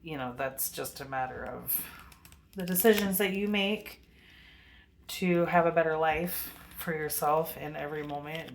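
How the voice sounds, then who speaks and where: A woman in her forties, a wellness channel host, giving a slow, reflective spiritual talk with halting pauses. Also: low-pitched, creaky, a little hiss or hum.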